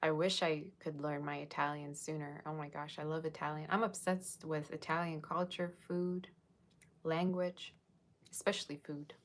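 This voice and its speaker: A woman's voice: low voice, flat delivery, normal speed. A woman giving a casual, rambling livestream tarot reading, chatting with viewers and thanking them by name. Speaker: tarot reader.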